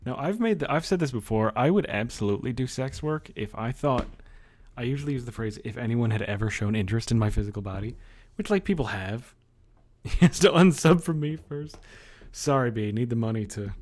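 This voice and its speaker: A man's voice: medium pitch, a little mellow. A young man streamer in casual livestream chat, joking and laughing often.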